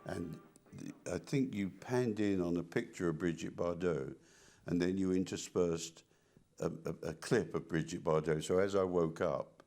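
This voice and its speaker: Very deep-voiced older man, halting. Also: a little mellow, faint music behind. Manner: halting, many restarts and repeated words. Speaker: interviewee, artist. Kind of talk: casual reminiscing conversation.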